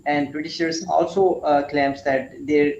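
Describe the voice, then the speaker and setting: A man joins an online class discussion, speaking haltingly and filling his pauses with "uh". His slightly high voice has a gravelly edge. It comes through dull, roomy call audio. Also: fairly even intonation, darkish tone, a little hiss or hum. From Pakistan. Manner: hesitant, many 'uh' fillers. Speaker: student on a call.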